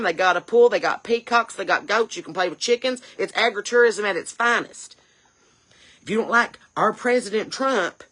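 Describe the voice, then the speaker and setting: A woman's voice: medium pitch, a bit bright, close to an everyday voice. A woman playing a brash, indignant chain-smoking mom, scolding and firing off rhetorical questions. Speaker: comedy character creator. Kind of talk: character comedy rant.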